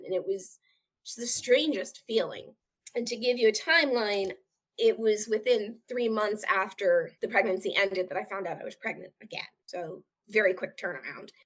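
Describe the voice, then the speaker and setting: A woman's voice: medium pitch, fairly bright tone. A woman telling a painful personal story as an interview guest, earnest and open, often acting out what others said. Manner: earnest, acts out quoted voices.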